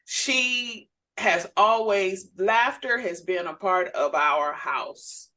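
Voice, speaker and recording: A woman's voice: medium pitch, takes it slowly. A woman minister co-hosting a casual chat, telling family stories and acting out the voices of people she quotes. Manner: animated storyteller who acts out quoted voices. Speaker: minister and podcast co-host.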